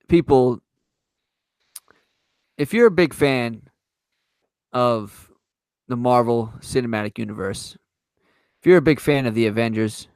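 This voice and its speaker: A man hosting a casual podcast, swearing often and talking in halting bursts. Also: mid-range voice, dry recording. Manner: swears a lot, halting with restarts. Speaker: podcast host.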